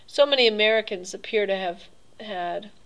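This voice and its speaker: An urbane, coolly pleased old gentleman hunter voiced by a woman reading aloud, polished and mocking, with cruelty under his good manners. His pitch rises and falls with amused relish, and the talk stays smooth and measured, like an audiobook figure. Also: close to an everyday voice, low-quality recording. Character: suave, cruel older male aristocrat hunter.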